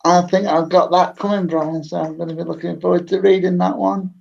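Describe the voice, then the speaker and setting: Gravelly man on a dull lo-fi line. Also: high-pitched, level tone, brisk, a little mellow. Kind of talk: casual video chat.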